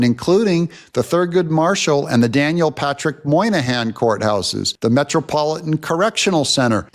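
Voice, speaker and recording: A man hosting a political commentary show, reading news articles aloud and breaking in with sarcastic, opinionated asides. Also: mid-range voice. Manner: opinionated, sarcastic asides between read passages.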